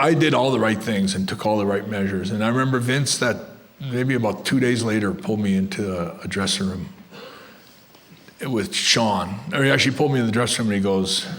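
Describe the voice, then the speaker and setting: A man's voice: fairly low pitch, a bit bright. An older man telling blunt, rambling stories to a live crowd of fans, with restarts and asides. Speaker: guest wrestler telling stories. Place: event room with a live crowd.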